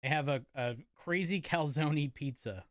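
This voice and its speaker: A man's voice: on the high side, a little slow, dry recording, clean studio sound. A man chatting casually while streaming a game, rambling and correcting himself as he eats. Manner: rambling, self-correcting, talks while eating. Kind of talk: casual chat while gaming.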